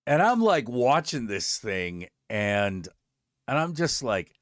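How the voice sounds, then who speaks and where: Animated, swearing male streamer telling stories. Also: mid-range voice, takes it slowly, no echo, studio quality. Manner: animated, profane, acts out both sides of conversations. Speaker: streamer host. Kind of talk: casual storytelling chat.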